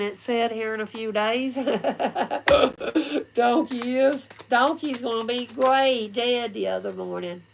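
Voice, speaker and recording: A woman's voice: a little high, slow pace, creaky, a little hiss or hum, poor audio. A woman giving a casual livestream tarot reading, rambling, blunt and often laughing. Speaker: tarot reader.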